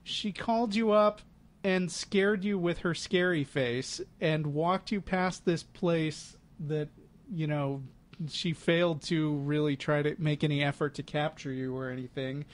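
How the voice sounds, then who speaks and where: Chatty man with a higher voice. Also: measured pace. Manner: chatty storyteller, amused, sarcastic asides. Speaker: podcast co-host. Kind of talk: casual chat.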